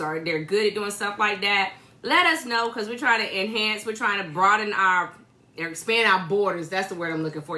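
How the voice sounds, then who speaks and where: Woman co-host, bright tone, casual and teasing, talks to viewers from home. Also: mid-range voice. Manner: greets viewers by name, chatty and teasing. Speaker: co-host of a church livestream. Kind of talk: casual livestream chat.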